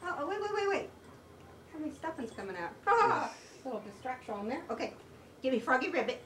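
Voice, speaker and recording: A woman's voice: high voice, sing-song, fast, fairly bright tone, echoey room, far from the mic. A woman at home, talking to her dog in a coaxing, sing-song pet voice with lots of repetition, in a noisy home video. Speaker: dog owner and hostess. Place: indoors at home.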